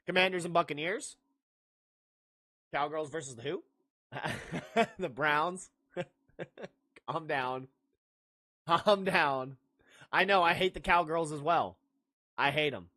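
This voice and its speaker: A man's voice: a little high, slow pace, long pauses, bright, forceful tone. A man hosting a livestreamed sports podcast, talking brashly and ranting back at his chat. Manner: brash, ranting, blurts dismissive outbursts; jokey, laughs at own lines.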